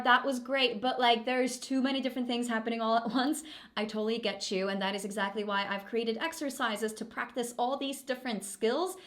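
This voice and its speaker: A woman's voice: a little high, a bit bright. A young adult woman teaching a singing lesson, explaining technique in an encouraging way. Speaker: vocal coach. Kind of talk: singing lesson with sung demonstrations. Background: music track.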